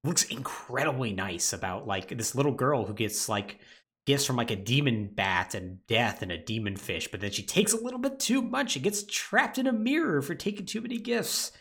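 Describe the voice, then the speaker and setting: A man hosting a casual podcast, his pitch bouncing freely as he walks through a plot. He keeps it informal, stacking filler words as he goes. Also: moderate pace. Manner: animated plot retelling with lots of "like" fillers. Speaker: podcast co-host.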